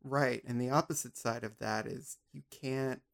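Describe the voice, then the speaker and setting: A man's voice: mid-range voice, fairly even intonation, moderate pace, vocal fry, fairly bright tone. A man hosting a casual podcast conversation, musing in a rambling, playful way. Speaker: podcast host.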